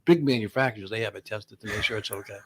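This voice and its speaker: A man's voice: fairly low pitch, fast, fairly bright tone, husky. A man on a casual talk show, earnestly explaining the rules and repeating his points.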